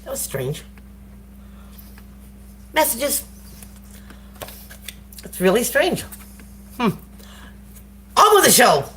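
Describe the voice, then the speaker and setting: A woman's voice: fairly high pitch, wildly swooping pitch, drawn-out words, long pauses, fairly bright tone, slight background noise. Casual slangy woman tarot reader. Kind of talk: live tarot reading to viewers. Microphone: phone.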